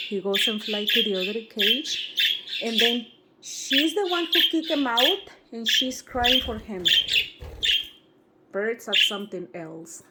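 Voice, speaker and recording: A woman at home filming her pet birds, coaxing them in high sing-song baby talk. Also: lively intonation, takes it slowly, very noisy. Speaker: pet bird owner filming her budgies. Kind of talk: casual vlog talking to pet birds. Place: home, indoors by bird cages. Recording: loud bird chirping behind.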